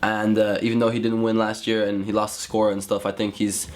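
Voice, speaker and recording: A young freestyle footballer talks about his sport in a documentary interview, rambling casually with plenty of fillers. His voice is lowish, flat and brisk, and the recording has a roomy echo.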